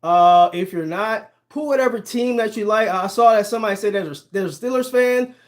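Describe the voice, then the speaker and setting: A man's voice: high-pitched, brisk. A man from Ohio hosting a casual livestream about sports, chatting with viewers, reading their comments aloud and laughing often. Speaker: sports channel host.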